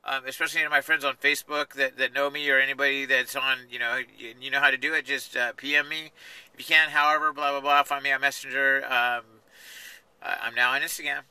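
Man in his forties, sharp tense tone, dry close sound; rambling vlogger cracking self-deprecating jokes from his car. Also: medium pitch, flat delivery, fast, clean tone, no echo, poor audio. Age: 40s. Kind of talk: rambling casual vlog. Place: inside his parked car at night.

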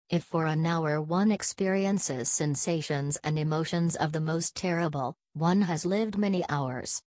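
A woman's voice: low voice, a little mellow, no echo. A woman reading the part of a fussy, vain older male detective, sprinkling in French phrases in a theatrical manner. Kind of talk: audiobook character reading.

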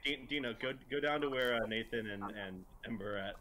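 A young man in casual gaming voice chat, excitedly calling out directions to the other players and laughing often. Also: medium pitch, fast. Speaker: game player.

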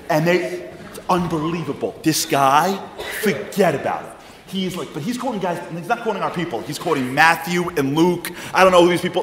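A man with a New York accent telling a lively comic story in a public lecture. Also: fairly high pitch, brisk, reverberant, big-room sound, slight background noise. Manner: animated, comic storytelling with acted-out quotes. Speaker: public speaker. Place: large congregation hall with audience.

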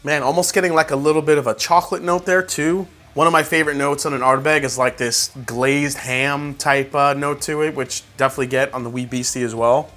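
A man talks through a whiskey tasting in a casual, chatty way, full of "like" and "uh" and excited reactions. His voice is bright and forceful and sits a little high for a man. Soft music plays faintly underneath. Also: brisk, hardly any pauses. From New York. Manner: chatty, many fillers like "like" and "uh". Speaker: whiskey reviewer.

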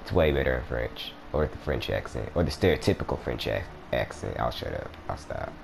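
A man's voice: rumbling low, expressive, fairly quick, vocal fry, noisy background. A young man casually commenting on a video game, rambling and joking as he plays. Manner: rambling, joking, self-interrupting. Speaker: gaming let's-play host.

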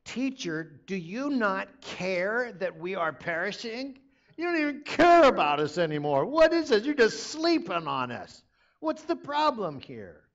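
A man voicing panicked disciples who shout frantic accusations at their sleeping teacher, on a dull lo-fi recording. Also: sits high, sing-song, unhurried, voice pushed up, exaggerated voice.

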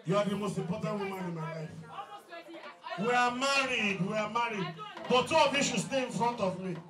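A Nigerian man with a Nigerian English accent, working as a comic MC at a party and teasing the crowd loudly. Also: high voice, expressive, brisk. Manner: joking, loud, teasing the crowd. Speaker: event MC. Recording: echoey hall with crowd, mic far.

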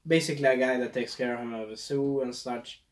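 A man's voice: medium pitch, steady tone, a little fast. A man casually reviewing a movie, rambling and losing his train of thought, with a scratchy throat.

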